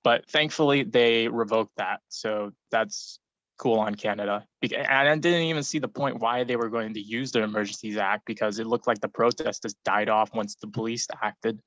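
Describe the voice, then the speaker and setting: A man's voice: fairly low pitch, steady tone, normal speed, a bit bright, no room sound. A young man giving his view in a group discussion, rambling with many fillers. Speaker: forum participant. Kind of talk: casual discussion contribution. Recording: dull, lo-fi dry mic.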